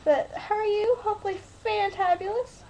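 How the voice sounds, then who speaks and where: A woman's voice: very high-pitched, fairly even intonation, moderate pace, darkish tone, slight background noise, rough recording. A woman recording a hyper, giggly, gushing webcam message to a friend on a built-in webcam mic.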